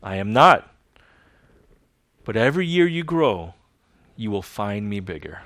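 A preacher reading the part of a great, wise lion from a storybook, gentle and unhurried, dropping low and soft. The voice is close and dry, with no room sound around it. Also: male voice, very animated, no echo, exaggerated voice. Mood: tender.

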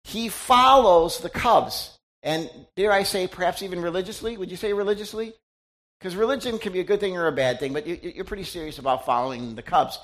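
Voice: medium pitch, fairly quick, a bit bright. A middle-aged pastor giving a conversational sermon, chatty and teasing, often quizzing the congregation.

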